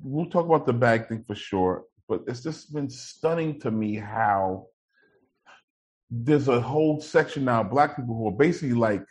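A man's voice: mid-range voice, animated, normal speed, a little mellow. A man hosting a podcast in casual, profane chat, moving the conversation along between topics. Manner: steers the topics, swears casually, mimics other people's talk. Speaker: podcast host.

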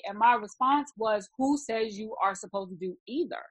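A woman in a casual podcast chat who cuts in with direct, assertive arguments. Her voice sits a little high. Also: quick pace, few pauses, sharp tone, rough recording.

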